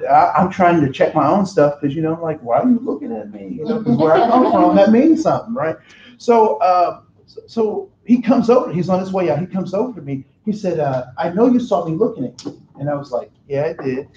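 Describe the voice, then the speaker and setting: A man's voice: a little high, mellow, slight background noise. A man leading a workshop on culture, talking casually, joking and asking the audience questions. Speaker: cultural competence trainer. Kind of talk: interactive workshop talk. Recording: roomy, dull lo-fi room recording.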